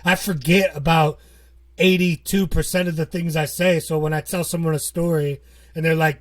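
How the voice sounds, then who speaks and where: A man's voice: a little high, steady tone, normal speed. A man co-hosting a podcast, chatting casually, rambling and joking with frequent laughs. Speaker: podcast co-host. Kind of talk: casual chat.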